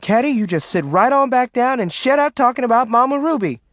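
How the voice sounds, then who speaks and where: A man voicing a fed-up, sharp-tongued young Southern mother who snaps at everyone. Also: high voice, very animated, moderate pace, dry recording, studio quality, voice pushed up. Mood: exasperated. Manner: exasperated, snapping.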